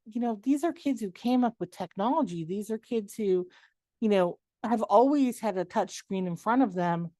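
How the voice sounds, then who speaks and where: Woman, middle-aged, workshop presenter, lively delivery, acts out little dialogues, dry close sound. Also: medium pitch, no room sound. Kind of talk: webinar presentation.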